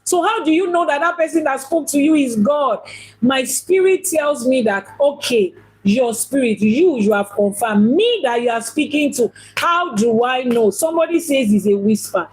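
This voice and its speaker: Husky-voiced woman teaching about faith. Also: sits high, expressive, normal speed, a little mellow, low-quality recording. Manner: questioning, rhetorical, repeats points for emphasis. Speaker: Ifá priestess and teacher. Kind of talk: teaching talk on religion.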